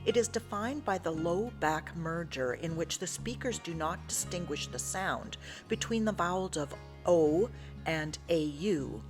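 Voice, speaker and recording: Woman host, low voice, animated intonation, careful scripted narration, music behind. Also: unhurried. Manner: explanatory, careful. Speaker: channel host.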